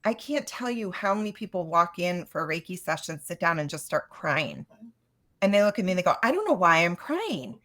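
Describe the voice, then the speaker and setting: Earnest middle-aged woman, lowish voice. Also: fairly quick. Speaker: Reiki master teacher, guest. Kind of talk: casual interview talk.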